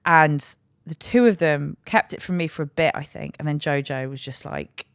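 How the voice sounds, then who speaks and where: Lively swearing British woman, dry close sound. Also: sits low, normal speed, gravelly, clean tone, no room sound. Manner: swearing freely, animated storytelling with acted-out quotes. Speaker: podcast host. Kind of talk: candid solo podcast monologue.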